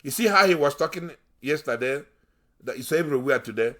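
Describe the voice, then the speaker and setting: Male commentary host, forceful bright tone, scornful, emphatic repeats. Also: on the high side, expressive, a little fast. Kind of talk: political commentary monologue.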